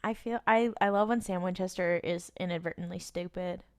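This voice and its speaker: A woman's voice: fairly low pitch, steady tone, brisk. A woman co-hosting a podcast in casual chat, joking and laughing, with irreverent asides. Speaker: podcast co-host.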